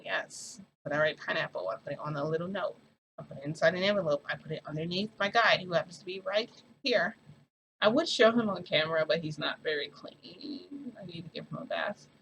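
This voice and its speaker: A woman's voice: on the low side, vocal fry, a bit bright, a little hiss or hum, rough recording. A woman vlogger telling a long personal story in casual, rambling speech with frequent asides. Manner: rambling, dramatic, many fillers and asides. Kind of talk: casual storytelling about a shifting experience.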